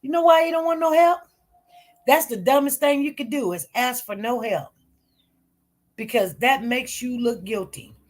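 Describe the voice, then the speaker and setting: A woman talks through news stories in a casual, emphatic way, circling back and repeating her points. Her voice sits fairly high, and her phrasing is loose and informal. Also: moderate pace. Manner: emphatic, repetitive, animated. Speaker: commentator.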